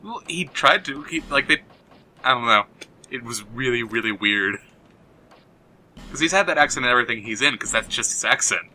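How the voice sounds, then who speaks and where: A man's voice: mid-range voice, expressive, normal speed, pauses often, pushed and bright, slight background noise. A man co-hosting a gaming show, retelling a film plot in a rambling, dismissive way with lots of fillers. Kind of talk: casual chat while playing a game. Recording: game music behind the voice.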